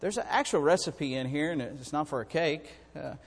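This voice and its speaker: A man preaching a sermon to his congregation, swinging from soft, musing asides to loud, rising calls, with frequent restarts and jokes with the crowd. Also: fairly high pitch, animated, normal speed, breathy edge, big-room sound. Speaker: pastor. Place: church sanctuary.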